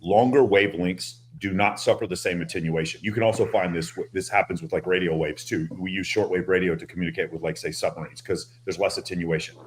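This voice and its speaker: A man in a group talk, explaining things in a deliberate, somewhat nerdy way. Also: deep voice, fairly even intonation, slight background noise. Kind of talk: casual group chat on a stream.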